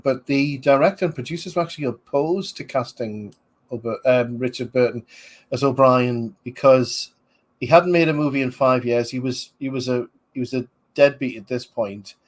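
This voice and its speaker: A man's voice: medium pitch, normal speed. A man, rambling casually as a podcast host reviewing a film, with many fillers. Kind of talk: casual movie commentary.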